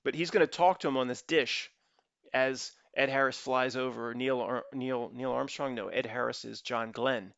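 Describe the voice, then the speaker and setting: A man's voice: mid-range voice, moderate pace, creaky, a bit bright, no room sound. A man hosting his own channel, talking in a rambling solo monologue full of restarts and asides to his viewers. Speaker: channel host. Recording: dull lo-fi dry recording.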